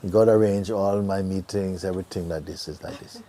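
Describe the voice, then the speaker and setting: A middle-aged man giving a gentle satsang talk as a spiritual teacher, often dropping to a near whisper and laughing easily. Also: low voice, fairly even intonation, a little fast, a little hiss or hum. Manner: laughs easily, joyful and earnest.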